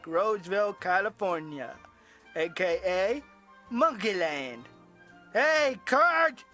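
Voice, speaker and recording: Goofy, very high and bright-toned childish cartoon alien, slow delivery. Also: male voice, heavily acted. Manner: goofy, loud and childish, easily hurt. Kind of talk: TV cartoon voice acting.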